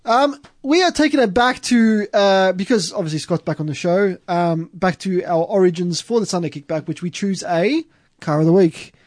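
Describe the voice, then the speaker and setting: A man's voice: sits high, normal speed, no echo. Laughing Australian man hosting. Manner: laughing, loose and joking, reads out listener comments. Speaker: podcast host. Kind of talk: casual chat.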